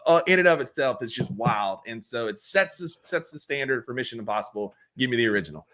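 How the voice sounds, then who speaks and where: A man's voice: mid-range voice, lively intonation, quick pace, fairly bright tone. A man co-hosting a casual podcast chat, enthusiastic, laughing often and agreeing along. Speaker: podcast co-host.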